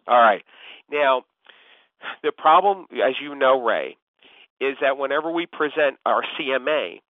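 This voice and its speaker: This man's mid-range voice is animated but measured in pace, captured dry over a tinny phone line. Acting as a real estate coach, he offers instruction on a call, frequently using the listener's name.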